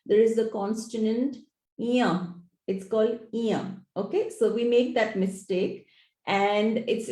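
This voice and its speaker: A woman's voice: lowish voice, dark tone. Woman, author guest, earnest, thoughtful, echoey room. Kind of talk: interview, explaining.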